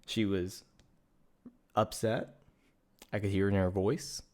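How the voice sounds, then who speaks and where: A young adult man co-hosting a talk show, earnestly retelling a personal dating story in a measured, matter-of-fact way. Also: fairly low pitch, steady tone, darkish tone. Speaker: podcast co-host.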